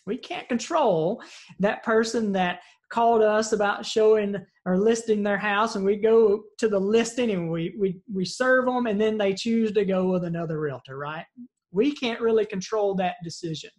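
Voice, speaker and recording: A man's voice: high-pitched, normal speed, darkish tone. A man teaching a virtual leadership seminar in an earnest, storytelling way, often checking in with "right?". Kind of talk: motivational seminar talk.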